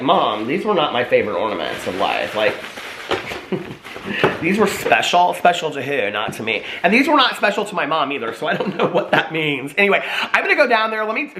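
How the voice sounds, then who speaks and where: A man vlogging casually to his viewers, chatty and animated, often asking them if they can see what he holds up. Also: medium pitch, reverberant, noisy background. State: out of breath. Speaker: vlogger showing old Christmas keepsakes. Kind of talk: casual chat to camera.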